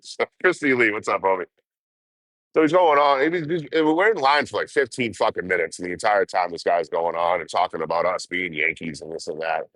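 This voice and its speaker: A low-voiced man rambles through a story on a livestream, cursing freely and laughing often. The sound is close and dry. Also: fairly bright tone, no room sound. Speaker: vlogger. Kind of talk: casual livestream chat and storytelling.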